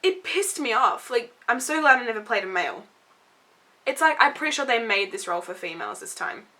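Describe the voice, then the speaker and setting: A woman's voice: fairly high pitch, big pitch swings, fairly quick, sharp tone. A young woman reviewing a video game in a vlog, gushing and blunt, swearing casually.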